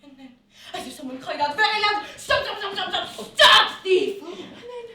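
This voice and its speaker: A boastful, theatrical young male nobleman, played by a woman, in a stage comedy, swooping through lively exclamations. The voice is heard from a distance in a roomy studio, with faint background noise. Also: extremely high pitch, fairly quick, exaggerated voice. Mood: preening. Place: studio room.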